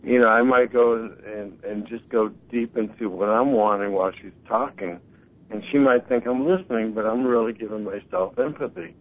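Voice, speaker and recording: A man's voice: lowish voice, moderate pace. Earnest man on a tinny phone line. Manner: earnest, animated storytelling, quotes others. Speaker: guest. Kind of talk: casual talk show conversation.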